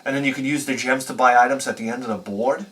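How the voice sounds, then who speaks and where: A man hosting a retro game video, telling rambling stories in an animated, profane way and laughing at his own jokes. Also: mid-range voice, fast, far from the mic. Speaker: retro game channel host. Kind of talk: rambling storytelling review.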